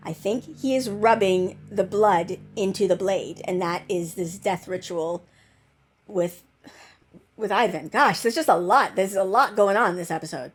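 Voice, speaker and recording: A woman hosting her own channel, chatting about a TV episode in a rambling, excitable way, full of "like" and gushing bursts. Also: mid-range voice. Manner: excitable and gushing, with quick bursts of squealing delight. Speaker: channel host reviewing a TV episode. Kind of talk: casual chat over episode footage.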